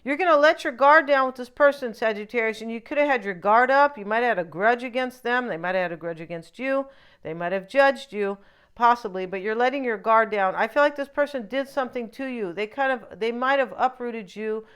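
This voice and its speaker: Rambling tarot reader, a woman with a smooth voice. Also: a little high, fairly quick, fairly bright tone. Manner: rambling and opinionated, with frequent asides. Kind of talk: casual tarot reading monologue.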